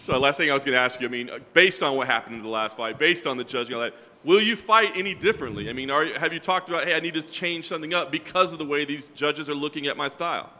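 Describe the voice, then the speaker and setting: Fast bright-voiced male reporter. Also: a little high. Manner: hesitant, halting questions. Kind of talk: interview questions. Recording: reverberant room.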